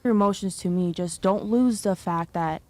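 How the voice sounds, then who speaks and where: A young adult woman, a guest speaking softly and hesitantly with many fillers in a casual panel discussion. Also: mid-range voice, normal speed, no echo.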